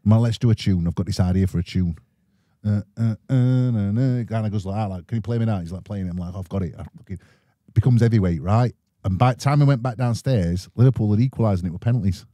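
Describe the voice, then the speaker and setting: A man's voice: on the low side, fast, warm tone, dry recording. A man with a Sheffield accent telling rowdy, sweary anecdotes in a casual podcast chat and acting out the voices in them. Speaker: guest musician.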